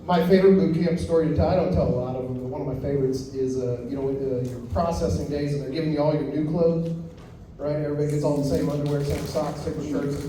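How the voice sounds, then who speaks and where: A man doing stand-up in a comedy club, telling stories deadpan with quick acted quotes. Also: fairly high pitch, a little hiss or hum. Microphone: handheld stage mic. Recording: echoey club from far off, crowd. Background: audience laughing.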